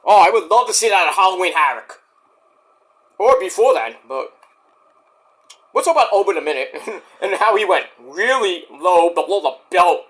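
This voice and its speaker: A man casually reviewing a wrestling show on his own, animated and excitable, breaking into high-pitched outbursts. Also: normal speed, long pauses. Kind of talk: casual solo review vlog.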